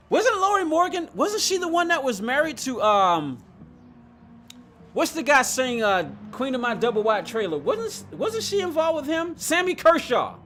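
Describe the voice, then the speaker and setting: High-voiced chatty man streaming a game. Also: very animated, a little slow, long pauses, a bit bright, slight background noise. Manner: rambling, chatty, reads chat aloud, laughs often. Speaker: gaming streamer. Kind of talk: casual live-stream chat while racing.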